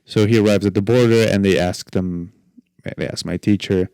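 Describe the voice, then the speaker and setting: A man's voice: fairly low pitch, steady tone, moderate pace, mellow, clear, resonant tone, no room sound. A young man hosting a podcast on his own, telling rambling stories with jokes and self-deprecating asides. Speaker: podcast host. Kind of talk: solo podcast chat.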